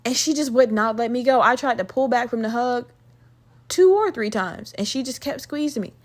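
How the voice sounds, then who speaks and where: This is a woman with a somewhat high voice, telling a personal story on a podcast. She talks in a chatty, unfiltered way, swearing often and tossing in plenty of fillers. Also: normal speed. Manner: candid, profane, chatty with frequent fillers. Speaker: podcast host.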